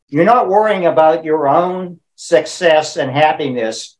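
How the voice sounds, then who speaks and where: A man's voice: a little high, expressive, unhurried, few pauses, poor audio. A man hosting a podcast, asking probing follow-up questions between short affirmations. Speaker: podcast host. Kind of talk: interview questions.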